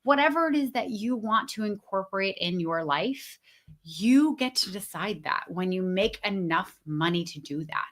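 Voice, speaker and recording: A woman's voice: medium pitch, lively intonation, moderate pace. A woman business coach talking casually on a livestream from home, chatty and full of fillers and restarts, stopping to greet viewers in the chat.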